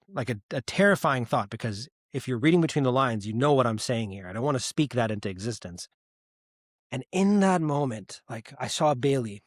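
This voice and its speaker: A man's voice: mid-range voice, no echo, clean studio sound. A man in his thirties, a podcast guest, telling a painful personal story in an earnest, reflective way. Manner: earnest, reflective, gets choked up at moments.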